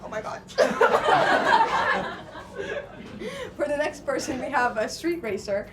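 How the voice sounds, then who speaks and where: A young Portuguese woman performs stand-up on a small club stage in English, her second language. Her voice sits high and is picked up from a distance over heavy room noise. She talks casually and profanely, full of fillers and little laughs. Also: huge pitch swings, very slow. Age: young adult. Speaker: stand-up comedian. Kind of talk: stand-up comedy set.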